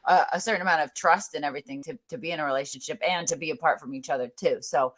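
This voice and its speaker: A woman's voice: low-pitched, rapid-fire. A woman guest in a casual podcast chat, talking chattily with lots of fillers, likes and laughs. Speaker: guest musician.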